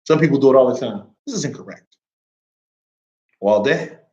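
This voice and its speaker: Quick-talking American man teaching a class. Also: mid-range voice, dull audio. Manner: lively, mixes English with Arabic reading, checks understanding often. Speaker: Arabic teacher. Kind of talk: classroom lesson.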